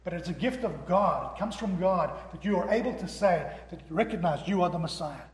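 A man's voice: high voice, animated, brisk. A man preaching a sermon to a congregation, emphatic and acting out the quoted dialogue in his own voice. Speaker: pastor. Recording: echoey hall.

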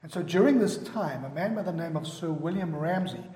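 A male pastor delivers an emphatic sermon, pausing to ask his congregation questions. His voice sits a bit high. The sound rings with the long reverb of a large church hall. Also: expressive, mellow.

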